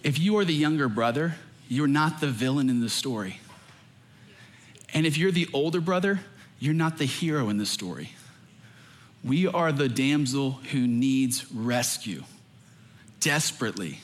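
A man's voice: mid-range voice, animated, measured pace. Earnest man preaching a sermon. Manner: earnest, emphatic preaching with quoted voices. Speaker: pastor.

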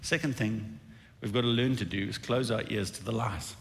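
A pastor giving a sermon in a church, animated at times and dropping to quiet intensity at others. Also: male voice, fairly low pitch, normal speed, creaky. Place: church auditorium. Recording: church hall reverb.

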